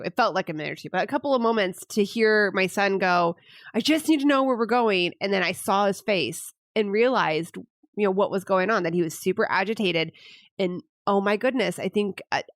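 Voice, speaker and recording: A mother co-hosting a casual parenting podcast, chatty and quick to laugh. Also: mid-range voice, no room sound, clean studio sound. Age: adult mother. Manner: chatty, laughs easily, rambling. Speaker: podcast co-host.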